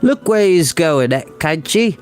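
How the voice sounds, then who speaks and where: A man voicing a surly, bad-tempered teenage boy with a Cornish accent, snarling and gruff, in a read-aloud storybook. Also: a little high, lively intonation, a little slow, soft background music.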